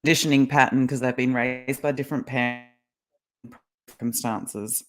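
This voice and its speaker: A woman's voice: a bass voice, steady tone, moderate pace. A middle-aged woman guest explaining ideas in a casual interview over a video call, talkative and laughing often. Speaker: guest, kinesiologist and life coach.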